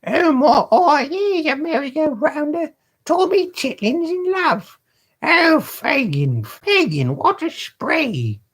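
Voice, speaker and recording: A man reading aloud voices a mocking teenage boy pickpocket in a high, gleeful voice. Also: sing-song, takes it slowly, fairly bright tone, heavily acted.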